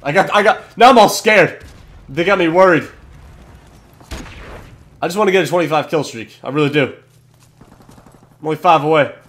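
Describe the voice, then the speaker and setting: A young man hosting a gaming channel, giving excitable commentary over his match, swearing and yelling at kills. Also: on the high side, moderate pace, long pauses. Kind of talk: gameplay commentary.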